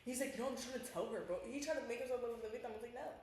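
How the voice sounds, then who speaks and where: A young woman co-hosting a podcast, telling stories fast and acting out quotes, with plenty of swearing. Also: fairly high pitch. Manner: animated storytelling, acts out quotes, swears freely. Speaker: podcast co-host. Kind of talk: casual chat. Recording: echoey room with faint noise.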